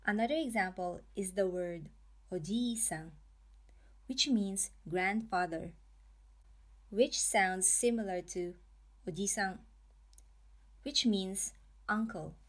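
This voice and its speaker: A woman teaching a language lesson, pronouncing each example slowly and carefully in a scripted narration. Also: medium pitch. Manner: slow, careful, drawn-out pronunciation.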